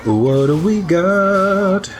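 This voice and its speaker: A man's voice: sits high, lively intonation, drawn-out words, soft background music. A man hosting a gaming channel, reading creepy stories dramatically and breaking off for playful, laughing asides. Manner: laughs often, playful banter between readings.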